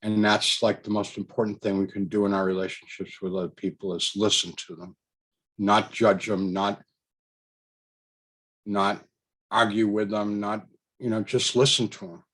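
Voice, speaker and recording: A man's voice: lowish voice, flat delivery, moderate pace, a bit bright, husky. A man casually telling a personal story, rambling with fillers, restarts and chuckles. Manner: chuckles between thoughts. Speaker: storyteller recounting a personal experience.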